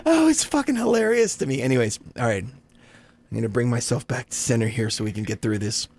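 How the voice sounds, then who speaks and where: A man co-hosting a casual live stream, joking with chat, laughing often and reading a document aloud haltingly. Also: medium pitch, big pitch swings, gravelly, noisy background. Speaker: livestream co-host.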